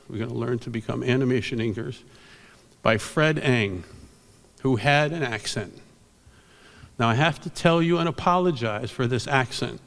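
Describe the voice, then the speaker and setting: An older man giving an award speech at a convention. He tells rambling anecdotes and acts out what people said. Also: mid-range voice. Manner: rambling storyteller, animated quotes. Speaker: award presenter. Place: convention hall stage. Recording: reverberant hall.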